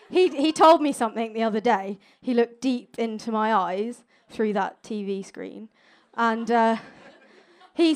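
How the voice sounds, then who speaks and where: A young woman with a high voice works a live crowd in a stand-up set. She is cheeky and playful, quick to land a joke. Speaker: stand-up science comedian. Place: stage before a live audience.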